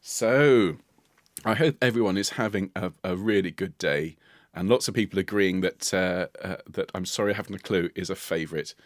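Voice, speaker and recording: A man's voice: sits low, moderate pace, dry recording. A British man leading a choir livestream, chatting in a playful, jovial way and laughing often. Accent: British English. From United Kingdom. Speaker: choir leader hosting a livestream.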